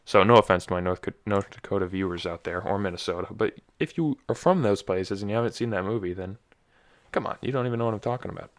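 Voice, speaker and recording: A man's voice: lowish voice, fast talker. A young man hosting a casual solo podcast, rambling and joking, often stumbling and correcting himself. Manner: rambling, self-correcting, jokey. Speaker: podcast host.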